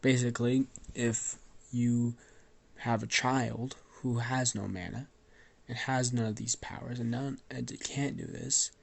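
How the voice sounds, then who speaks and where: A man's voice: medium pitch, fairly even intonation, a little slow, creaky. A man with a cold telling an improvised story in a loose, rambling way, coughing now and then. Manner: rambling, loose, with fillers and swearing.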